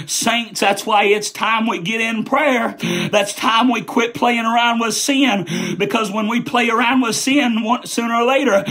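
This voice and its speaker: A man preaching a Pentecostal holiness sermon. His delivery is fervent and repetitive, building up into shouting. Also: very high voice, steady tone, unhurried.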